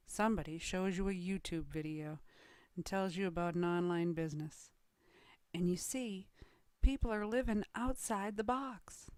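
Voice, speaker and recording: A woman's voice: on the low side, darkish tone, no echo, studio quality. A woman coaching on online business in a dramatic motivational talk. She acts out quoted voices and drops into whispers for emphasis.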